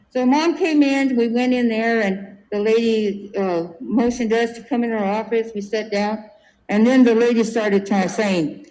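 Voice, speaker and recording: Woman, 70s, from California; animated oral-history storyteller. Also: a little high, a little slow, low-quality recording. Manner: lively storyteller who acts out quoted voices. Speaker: interviewee.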